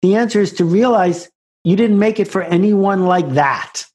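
A man's voice: high-pitched, normal speed, darkish tone. Man telling stories in an interview. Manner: anecdotal, builds stories to a punchline. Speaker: author and guest. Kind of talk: conversational storytelling.

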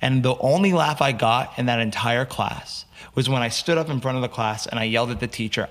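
A man's voice: medium pitch, fairly quick, hardly any pauses. A young man from the United States, a podcast guest telling stories in casual chat and acting out the people he quotes. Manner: animated storyteller, acts out quotes. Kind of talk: casual storytelling interview.

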